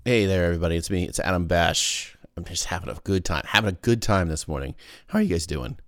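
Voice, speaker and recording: A man's voice: sits low, animated, fast, loud music behind the voice. A man hosting his own podcast, talking in a goofy, rambling casual monologue full of restarts. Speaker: podcast host.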